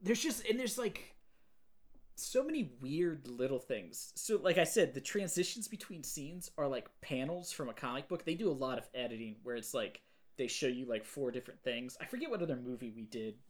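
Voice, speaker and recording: A man hosting a podcast, casually retelling movie scenes in an animated way and quoting lines. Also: medium pitch, normal speed. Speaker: podcast host. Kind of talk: casual chat.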